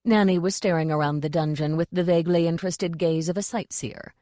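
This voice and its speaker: A woman narrating an audiobook in a measured, dry storytelling manner. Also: on the low side, fairly even intonation, mellow, no echo.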